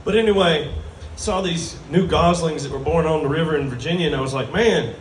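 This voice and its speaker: Fairly high in pitch and a little fast, a man's voice carries a self-deprecating, crude stand-up set at a brewery with a live audience listening. His manner is drawling. Slight background noise comes through, and he's captured from a distance in a roomy live space.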